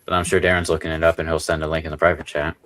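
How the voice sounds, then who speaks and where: A man hosting a casual livestream, reacting with quick short interjections and reading viewer questions aloud. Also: rumbling low, flat delivery, fairly bright tone, a little hiss or hum. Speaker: livestream host.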